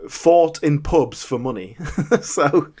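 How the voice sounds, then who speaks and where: A man's voice: a little high, slow pace, a little mellow, breathy edge. A man co-hosting a podcast, chatting casually and laughing often. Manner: chatty, laughs often, puts on comedy accents. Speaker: podcast co-host.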